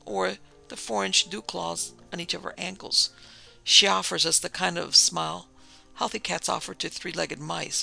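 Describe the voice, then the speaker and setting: A man narrating a first-person story with wry, deadpan humor. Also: on the high side, creaky, low-quality recording.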